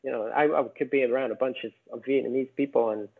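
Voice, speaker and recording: A man from Scotland with a softened Scottish accent, chatting casually as a podcast guest, rambling and correcting himself as he goes. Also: medium pitch, steady tone, quick pace, creaky, husky. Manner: rambling, self-correcting, chuckles often. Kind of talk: casual chat. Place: home in Vietnam. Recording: tinny phone-like remote call.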